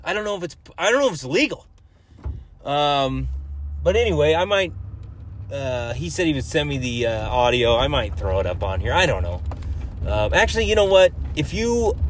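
A man's voice: on the high side, very animated, moderate pace, long pauses, a little hiss or hum. Foul-mouthed rambling man vlogging. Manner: heavy swearing, loose and rambling with many fillers. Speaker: hunting vlogger and podcaster. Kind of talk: casual rambling talk to camera.

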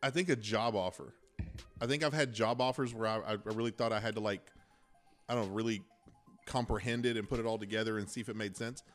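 A man's voice: fairly low pitch, steady tone, fast talker, faint music behind. A man co-hosting a casual podcast who chimes in with short reactions and questions. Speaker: podcast co-host.

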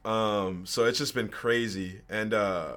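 A man's voice: fairly low pitch, fairly even intonation, slow pace, a bit bright, clean tone. A man in his twenties, a podcast guest, casually telling a personal story with slang and swearing. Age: 20s.

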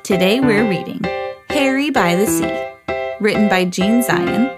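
A woman hosting a podcast, reading a children's picture book aloud in an expressive storytelling voice. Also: unhurried, over loud music. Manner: expressive, jumps high for quoted characters. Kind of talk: read-aloud storybook narration.

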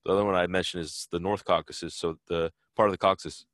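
A man's voice: deep voice, steady tone, fast, fairly bright tone, no room sound, studio quality. A man answering interview questions in a loose, rambling way, full of fillers and restarts. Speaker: interview guest, traveler. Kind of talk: casual conversational interview.

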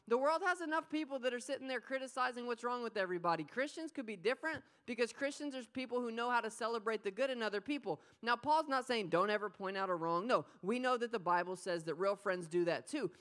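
A woman preaching an energetic sermon, playful and animated, often talking straight to the crowd. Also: on the high side, a little fast. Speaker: pastor.

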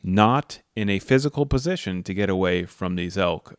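Deep-voiced man telling a rambling story. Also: animated, normal speed, no room sound, clean studio sound. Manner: rambling storyteller who acts out quoted dialogue; blunt, profane. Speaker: podcast host. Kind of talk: casual storytelling chat.

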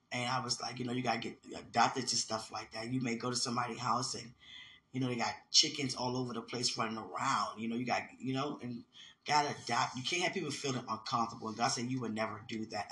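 A man with a very bright, sharp-edged voice talks through rambling stories from his life and ministry. He is animated and laughs often, and keeps checking in with "you understand?" His pitch sits in a middle range. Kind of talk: casual personal storytelling.

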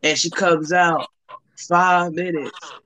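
A man's voice: a little high, steady tone, slow, sharp tone, poor audio. A young man telling a rambling, profane story in casual chat on a call, heavy with fillers.

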